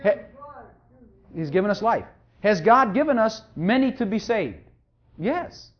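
A pastor preaching a sermon, emphatic and repetitive, hammering each point home and sometimes mumbling quietly while looking something up. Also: mid-range voice, expressive, normal speed. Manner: drops to quiet mumbling when searching for a verse. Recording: dull lo-fi recording.

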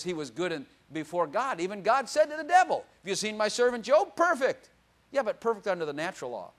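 An older man preaching a sermon, animated, swinging from loud exclamations to quiet asides and laughing often. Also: on the high side.

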